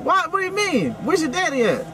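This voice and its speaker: A man's voice: very high voice, huge pitch swings, a little fast, over a noisy crowd. A man hosting a casual comedy chat, teasing his guest with provocative banter. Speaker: host, comedian. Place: inside a van.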